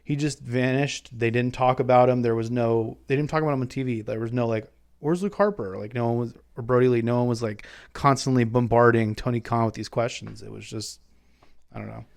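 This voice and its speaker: A man's voice: medium pitch, flat delivery, brisk, creaky, dry recording. Male co-host, middle-range voice, chatty anecdotal manner, dry recording. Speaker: podcast co-host. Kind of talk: casual chat.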